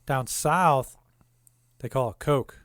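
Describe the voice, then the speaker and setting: Midwestern male podcast host, mid-pitched, profane and animated, dry close recording. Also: slow pace, no room sound. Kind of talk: casual chat.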